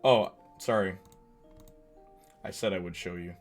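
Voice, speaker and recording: A man streaming a game, chatting casually and answering his chat out loud. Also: low-pitched, a little slow, long pauses. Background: faint music.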